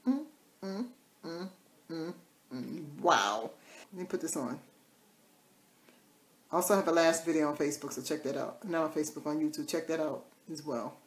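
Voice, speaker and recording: A woman's voice: low-pitched, fairly even intonation, brisk, long pauses, a little mellow, reverberant. A woman chatting casually through a live makeup tutorial, repeating catchphrases in a sing-song way. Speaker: makeup vlogger.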